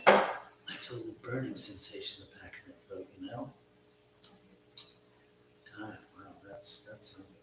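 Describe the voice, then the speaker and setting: Speaking from his house on a casual live stream, a man rambles and swears freely in a chatty way. His voice is lowish with fairly even intonation and a moderate pace, and he pauses often. The audio is very noisy, with an echoey room and a distant mic.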